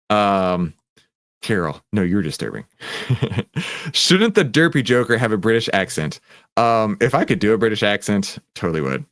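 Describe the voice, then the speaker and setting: A man with a fairly low voice answers viewer questions on a live trading stream, rambling and poking fun at himself. His pitch swings widely as he gets animated, and the sound is dry and close with almost no room. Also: normal speed, no room sound. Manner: animated, rambling, self-mocking. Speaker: trading coach and stream host.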